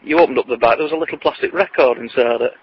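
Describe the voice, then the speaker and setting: Middle-aged man, deadpan rambling jokes, slightly dull outdoor recording with faint noise. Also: mid-range voice, rapid-fire. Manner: chatty, deadpan, puts on voices for joke characters. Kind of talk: rambling joke-telling vlog. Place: outdoors on a walk.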